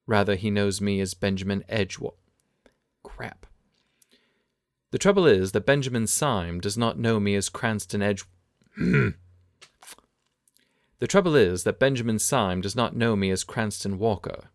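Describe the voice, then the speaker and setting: Brief: man actor, lowish voice, measured line reads, dry booth sound. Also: no room sound. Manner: measured, restarts after flubs. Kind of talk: reading drama lines with retakes.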